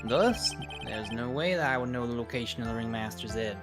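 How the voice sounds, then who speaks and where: A composed male acrobat witness, voiced by a streamer in a fan game read. His put-on southern accent wanders toward Australian. Game music plays clearly behind him. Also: mid-range voice, animated, brisk, natural voice. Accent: put-on southern drifting to Australian. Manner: slips in and out of the accent.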